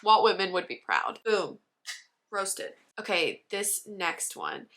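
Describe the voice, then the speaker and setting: Brief: young woman vlogger, bright forceful voice, playful roast-style commentary. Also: on the low side, big pitch swings, unhurried. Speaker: book vlogger. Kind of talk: casual comedic commentary.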